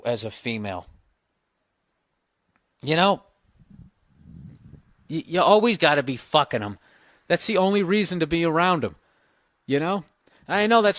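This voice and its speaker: A man's voice: on the high side, a bit bright, no room sound. A man hosting a podcast who gives crude, blunt advice in a rambling, profane rant into a close mic. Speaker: podcast host giving advice.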